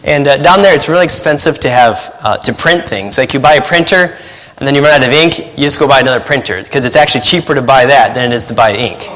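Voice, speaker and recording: A man, a pastor and missionary, preaching a sermon in a chatty way, laughing at his own stories and habitually talking fast while trying to slow down. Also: mid-range voice, a bit bright, in a large hall. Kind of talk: sermon with joking asides.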